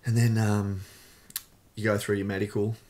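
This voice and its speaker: Australian man, low voice, podcast guest, loose candid storytelling. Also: flat delivery, moderate pace, darkish tone. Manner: candid, rambling, many fillers. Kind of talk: casual storytelling interview.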